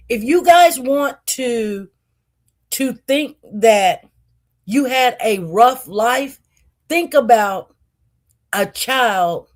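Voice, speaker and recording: A woman with a fairly high voice tells her own story in a loose, chatty way. She speaks candidly and with feeling, restarting her sentences and acting out what others said. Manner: candid and animated, with frequent restarts and acted-out quotes. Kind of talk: casual personal storytelling.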